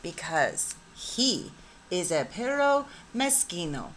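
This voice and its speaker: A woman's voice: on the low side, sing-song, slow pace, a bit bright, slight background noise, full character voice. A woman voicing a laid-back, cool chihuahua with a casual drawl in a storybook reading. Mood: relaxed.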